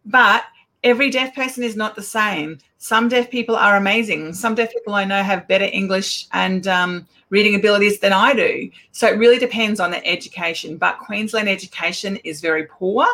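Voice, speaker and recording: A middle-aged woman, an Auslan educator giving a casual talk with lively anecdotes and acted-out exchanges. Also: medium pitch, a little fast. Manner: animated storyteller, acts out quoted exchanges.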